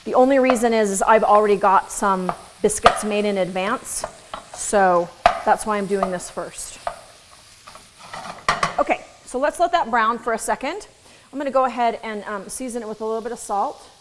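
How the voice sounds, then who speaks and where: A woman's voice: a little high, normal speed. Chatty woman chef over a sizzling pan. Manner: chatty and joking, with asides to viewers. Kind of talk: casual cooking demonstration. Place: kitchen at the stove. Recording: sizzling pan noise behind the voice.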